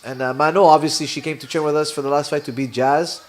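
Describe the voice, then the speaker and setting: A man's voice: a little high, fairly even intonation, fast. A young man with a Canadian accent hosts a live watch party, chatting casually, reading viewer comments and laughing often.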